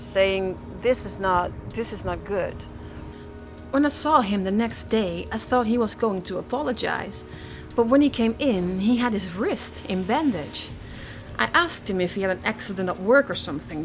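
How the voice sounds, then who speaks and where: A woman recounting a past relationship in a reflective, hesitant way. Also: mid-range voice. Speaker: interviewee sharing her experience. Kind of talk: personal testimony.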